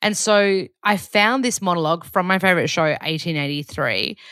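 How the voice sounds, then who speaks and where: A woman with a naturally very low register, hosting a podcast in a chatty, rambling diary-style check-in full of fillers. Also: normal speed, fairly bright tone, clear, resonant tone, no room sound, clean studio sound. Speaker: podcast host. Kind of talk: casual diary-style chat.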